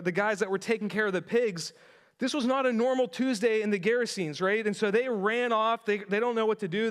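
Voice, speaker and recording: Male pastor, high voice, casual sermon, storytelling with asides, church. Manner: conversational, animated storytelling with asides. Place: church sanctuary.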